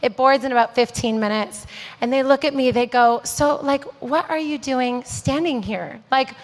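A woman from Canada delivers a sermon full of personal storytelling. Her voice sits high, and the sound rings out with long reverb through a large hall. She talks in an animated, self-deprecating way, playing out the dialogue as she goes. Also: normal speed. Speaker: preacher.

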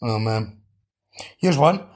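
A man's voice: mid-range voice, lively intonation, takes it slowly, a little mellow. A Scottish man hosting a podcast, swearing and riffing jokingly as he reads out listeners' comments. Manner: sweary, joking riffs while reading out comments. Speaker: podcast host. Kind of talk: casual comedic chat.

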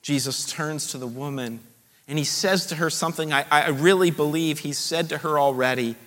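A male pastor preaching a sermon with animated storytelling. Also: on the high side, moderate pace, long reverb tail.

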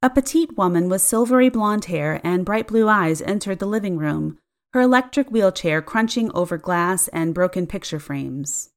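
A woman narrating a first-person story in an expressive, audiobook storytelling style. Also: lowish voice, normal speed. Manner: expressive storytelling, acting out dialogue.

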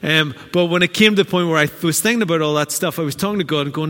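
A man preaching a sermon as pastor, animated and acting out the voices he quotes. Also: a little high, racing, few pauses. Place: church hall. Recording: church hall with long reverb.

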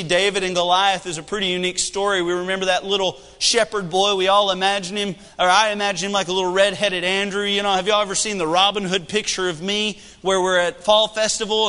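A man in his thirties preaching a sermon with animated delivery and humor. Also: sits high, quick pace, hardly any pauses, clear, resonant tone, long reverb tail. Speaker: pastor.

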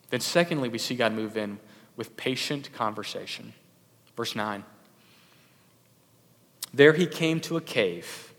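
A man preaching a sermon in a conversational way, swinging from loud emphatic bursts to soft low asides. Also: long reverb tail. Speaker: pastor.

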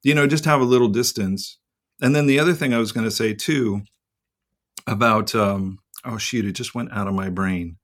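A man's voice: fairly low pitch, moderate pace. A man co-hosting a podcast in casual chat, rambling and reflective and swearing freely. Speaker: podcast co-host.

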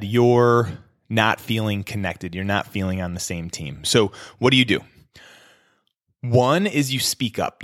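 A man's voice: mid-range voice, a bit bright, no echo, clean studio sound. A man hosting an advice podcast, talking in a casual, direct coaching tone. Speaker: podcast host.

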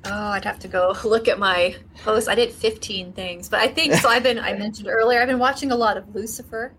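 A woman with a fairly high voice talks as a guest on a podcast, explaining forensic work in an easy, chatty way. She drops in plenty of "like" fillers, with a faint hiss of noise behind her. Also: steady tone, fairly quick, fairly bright tone, poor audio. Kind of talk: casual podcast chat.

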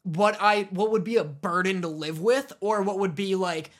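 A young woman co-hosting a podcast, bantering casually, joking and going off on quick tangents. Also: mid-range voice. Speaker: podcast co-host.

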